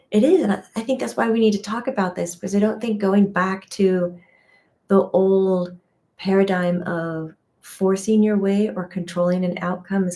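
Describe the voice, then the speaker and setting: A woman's voice: medium pitch, warm tone. A woman teaching intuition in a chatty livestream talk, often laughing at herself and restarting phrases. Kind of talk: casual spiritual teaching on a livestream.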